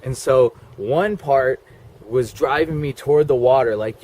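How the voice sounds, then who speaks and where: A man's voice: mid-range voice, measured pace, darkish tone. A man telling a personal story in a rambling way, full of "like" and "okay?" asides. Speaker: vlogger.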